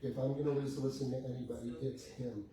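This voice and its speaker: A man's voice: mid-range voice, little pitch movement, fast talker. Man telling a sales story in an echoey room. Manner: acts out both sides of a sales conversation, laughing often. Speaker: real estate coach. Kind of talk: animated storytelling to a class. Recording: echoey room with faint background noise, heard from a distance.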